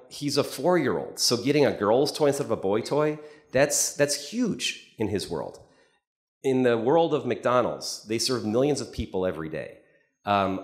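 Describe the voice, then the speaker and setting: A man giving a conference presentation, telling stories conversationally with frequent restarts and repeated words. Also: lowish voice. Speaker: conference speaker. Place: conference hall. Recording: echoey hall.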